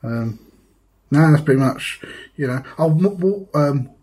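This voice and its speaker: A man from the UK co-hosting a casual pop-culture podcast on a couch, talking in halting bursts full of ums and easy laughs. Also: a little high, animated, darkish tone. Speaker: podcast co-host. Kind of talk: casual chat. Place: living room couch.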